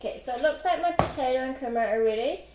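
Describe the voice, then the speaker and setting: A high-voiced, fast-talking woman hosts a casual cooking livestream at home, chatting, giggling, filling gaps with fillers and reading chat aloud while prepping food. Her echoey kitchen is loud with clatter, chopping and dishes, plus background noise.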